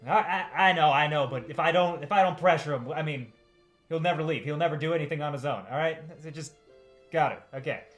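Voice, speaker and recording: A man's voice: on the high side, quick pace, fairly bright tone, faint music behind, natural voice. Man doing a hearty blustery customer. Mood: effusive. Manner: effusive, blustery. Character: hearty middle-aged male customer.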